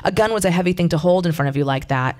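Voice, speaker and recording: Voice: mid-range voice, very fast, a little mellow. A reader reading a story aloud in a plain, conversational way, with occasional asides.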